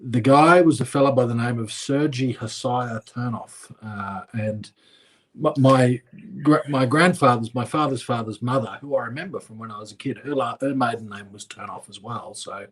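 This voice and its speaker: A man's voice: mid-range voice, normal speed. A man from Australia, a politician guest speaking in a casual interview, hesitant with many fillers and restarts.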